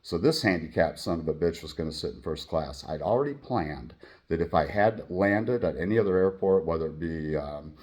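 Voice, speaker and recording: Brief: middle-aged man, low voice, blunt profane rambling storyteller. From Michigan, United States. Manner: profane, blunt and animated, acting out quoted voices. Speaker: channel host telling a personal story.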